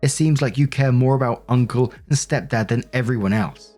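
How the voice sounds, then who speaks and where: A man's voice: mid-range voice, normal speed, darkish tone, soft background music, close to an everyday voice. A man doing a whiny, indignant mother. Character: self-pitying, defensive middle-aged mother.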